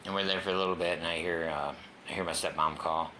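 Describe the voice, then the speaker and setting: A man's voice: sits low, steady tone, fast talker, pushed and bright, slight background noise. A man candidly telling his own story in a casual, profane way, sometimes dropping to a whisper. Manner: casual, profane, drops to a whisper at tense moments. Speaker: guest sharing his recovery story.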